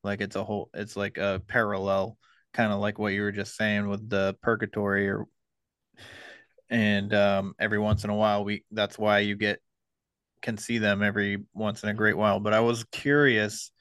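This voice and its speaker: Low, smooth-voiced male podcast host. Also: moderate pace, dry recording. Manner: relaxed, hesitant, many ums and uhs. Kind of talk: casual conversation.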